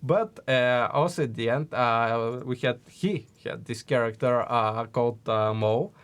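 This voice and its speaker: A game designer talks loosely on a developer livestream, his middle-pitched voice full of fillers and restarts. He laughs often and rambles through his stories. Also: a little slow, fairly bright tone, clean tone. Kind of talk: casual chat on a dev stream.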